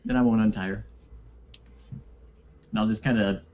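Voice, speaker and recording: A man's voice: fairly low pitch, fairly even intonation, moderate pace, a little mellow, highs cut off. A man playing a tabletop game who talks in an easygoing, hesitant way. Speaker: player. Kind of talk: casual tabletop game chat.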